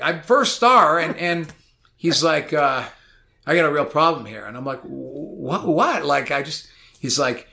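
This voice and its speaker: Guy rambling through a story, kinda high, bright tense voice, lots of "like". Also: vocal fry. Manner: animated, rambling anecdote with lots of "like". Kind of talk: casual storytelling.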